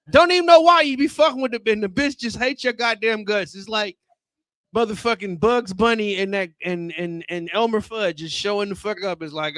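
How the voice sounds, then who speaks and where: A man in his thirties doing a loose, profane and rambling stand-up comedy set on a club stage, talking into a handheld mic, with sudden loud outbursts. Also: sits high, expressive, normal speed, no room sound. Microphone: handheld microphone.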